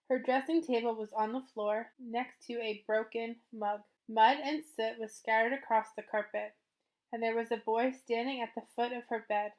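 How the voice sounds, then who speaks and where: A woman reads a children's novel aloud, narrating steadily and at an even pace. Her voice sits a little high for a woman. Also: moderate pace. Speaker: storybook reader.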